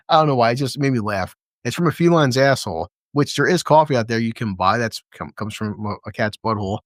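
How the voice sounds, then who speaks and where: A man in a loose, foul-mouthed recap chat, mid-pitched and unhurried. He keeps breaking into short laughs and slipping into little impressions of the characters. His voice sounds close and dry, with no room around it. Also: dry recording. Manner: profane, chuckling, retells scenes in lively quoted voices. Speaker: podcast co-host. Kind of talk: casual TV episode recap chat.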